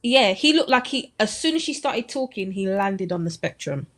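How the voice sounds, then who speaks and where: A woman's voice: medium pitch, animated, moderate pace. A woman giving blunt commentary in casual podcast chat. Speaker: podcast co-host.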